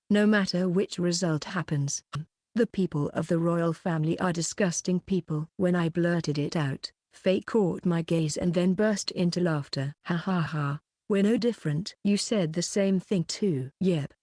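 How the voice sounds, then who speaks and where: Audiobook narrator, female, mellow low voice, steady unhurried read, dry close sound. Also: no room sound. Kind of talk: light novel audiobook reading.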